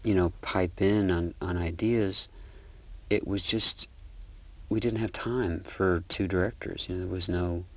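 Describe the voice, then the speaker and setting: Low-voiced male director, reflective interview anecdotes. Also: fairly even intonation, measured pace. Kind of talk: documentary interview.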